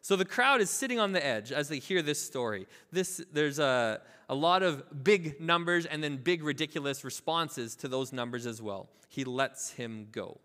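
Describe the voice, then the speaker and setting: A man preaching a sermon as pastor, telling a parable with lively asides and acting out the characters' voices. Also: on the high side, moderate pace, hardly any pauses, in a large hall. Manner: informal, filler-heavy asides. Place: church sanctuary.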